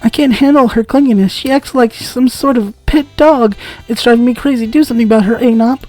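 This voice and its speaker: An exasperated, bossy young woman, as a man puts her on for a game playthrough. Her voice is raised and annoyed but has a soft, mellow tone. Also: extremely high pitch, brisk, faint music behind, pitched above the performer's own voice, rough recording. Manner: exasperated complaining.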